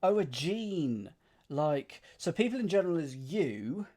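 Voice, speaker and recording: A man's voice: fairly high pitch, sing-song, unhurried, mellow. A man streaming himself solving a cryptic crossword, reading clues aloud and musing over the wordplay. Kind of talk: thinking aloud while solving.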